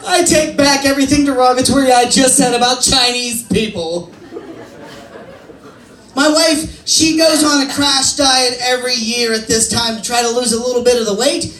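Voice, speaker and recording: A man's voice: very high voice, normal speed, a bit bright. Man doing crude stand-up in a club. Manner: crude, punchy joke delivery with acted-out quotes. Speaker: stand-up comedian and emcee. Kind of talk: stand-up comedy set. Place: comedy club stage. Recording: roomy club sound from a distance.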